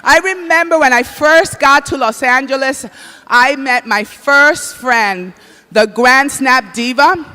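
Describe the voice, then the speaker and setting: A man's voice: very high-pitched, slow pace, bright, forceful tone. A man from the Republic, hosting a comedy show on stage and joking with the crowd in a flamboyant way. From Dominican Republic. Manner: flamboyant, exclaims in Spanish. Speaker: comedy awards host. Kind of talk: stand-up hosting. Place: comedy stage before a live audience.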